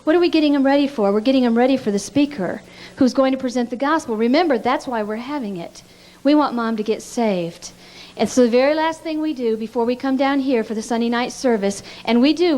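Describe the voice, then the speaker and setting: A woman with a voice a little higher than most speaks earnestly at a pastors' conference. She teaches through heartfelt stories and often stumbles on repeated words as she goes. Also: a little mellow. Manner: earnest storytelling with frequent stammered repeats.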